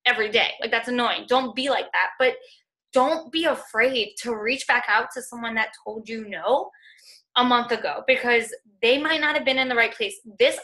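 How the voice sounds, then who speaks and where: Young female team leader, motivational call, high-ish and bright, earnest, chatty fillers. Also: moderate pace. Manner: earnest, encouraging, heavy use of "like" and "y'all". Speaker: fitness coaching team leader. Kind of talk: motivational talk on a group call.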